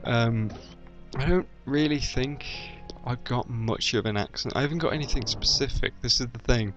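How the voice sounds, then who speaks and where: A man's voice: mid-range voice, moderate pace. A young British man with a slight Midlands accent, rambling through a casual video chat with plenty of ums and restarts. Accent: generic British, slight Midlands. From English Midlands. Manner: rambling, hesitant, lots of ums and self-corrections. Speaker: YouTube let's-player. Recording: dull lo-fi voice with faint game music.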